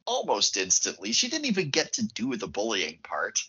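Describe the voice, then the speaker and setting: A man co-hosting a casual film podcast with a husky voice, laughing often and mimicking characters. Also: fairly low pitch, huge pitch swings, normal speed, sharp tone, dull audio. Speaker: podcast co-host.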